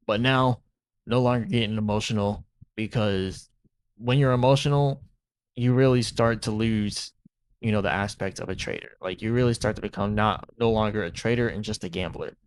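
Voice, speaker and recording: A man's voice: on the low side, dry recording. A man hosting a crypto channel, talking through market moves in a rambling, casual way and often tossing in "right?".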